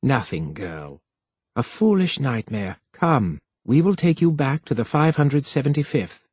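A man reading aloud plays an older male senior official who is urgent and stern, clipped and low when he gives orders. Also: sing-song, measured pace, a little mellow, husky, no room sound.

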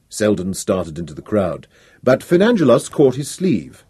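A man narrating a story in an expressive, dramatic storytelling style. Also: fairly low pitch, moderate pace, slightly rough. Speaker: audiobook narrator. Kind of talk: scripted narration.

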